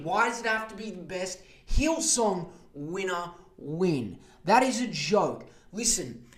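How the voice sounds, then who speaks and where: A man's voice: high voice, a bit bright. A man with an Australian accent hosting a podcast, ranting in a profane, mock-outraged comic tirade. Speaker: podcast host. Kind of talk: comedic rant. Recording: echoey room.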